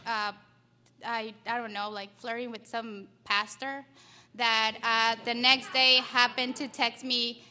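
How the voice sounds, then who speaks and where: A young woman with a slightly high, bright voice shares her recovery story at a meeting. She speaks haltingly, with many fillers, and sounds close to tears.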